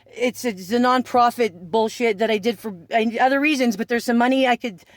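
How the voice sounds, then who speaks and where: A high-pitched man rants through a rambling story, swearing constantly and laughing between lines. He talks sarcastically and keeps breaking off into side remarks. The sound is dry, with no room echo. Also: brisk. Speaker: vlogger. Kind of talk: profane storytelling rant.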